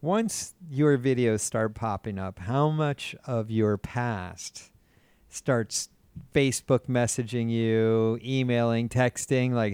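A man's voice: mid-range voice, slow pace, darkish tone, clean tone, no room sound. A man hosting a podcast in casual chat, asking questions and swearing freely. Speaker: podcast host.

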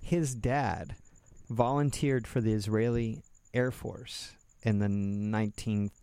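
A man's voice: fairly low pitch, fairly even intonation, slow pace, dark tone, clear, resonant tone, dry recording. A man co-hosting a casual chat, direct and fond of trivia.

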